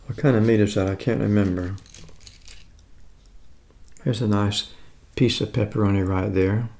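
A man's voice: fairly low pitch, steady tone, moderate pace, vocal fry, dark tone. A man in his seventies from the United States, chatting casually and rambling as he tastes food on camera. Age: 70s. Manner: rambling, chatty, self-correcting. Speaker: food vlogger. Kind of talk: casual food tasting vlog.

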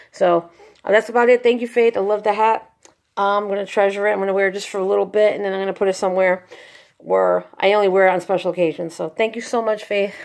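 A young woman vlogging an unboxing, excited and gushing, thanking the sender over and over. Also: medium pitch, creaky. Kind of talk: casual unboxing vlog.

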